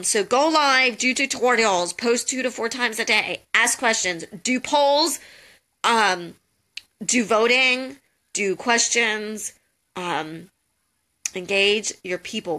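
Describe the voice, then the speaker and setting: A woman's voice: medium pitch, sharp tone. A young woman giving casual advice on a live call, chatty and jokey, full of "um" and "like". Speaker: host of a social media tips call.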